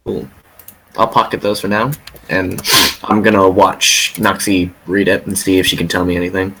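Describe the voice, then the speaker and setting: A man's voice: deep voice, flat delivery, moderate pace, a bit bright, poor audio. A man playing a tabletop game, joking and offhand. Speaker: player. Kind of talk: casual tabletop play.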